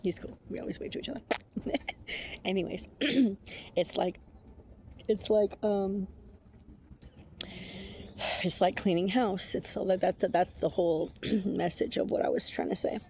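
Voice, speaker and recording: A woman giving a casual, rambling oracle card reading, chatty and quick to laugh, with the odd swear word. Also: mid-range voice, fairly even intonation, dark tone, a little hiss or hum. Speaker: intuitive oracle card reader.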